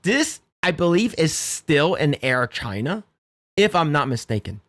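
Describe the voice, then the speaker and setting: A man's voice: fairly high pitch, big pitch swings, unhurried, a bit bright, no room sound, studio quality. A man hosting a podcast livestream in casual, blunt, rambling commentary, laughing now and then. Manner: blunt, rambling, laughs at his own jokes.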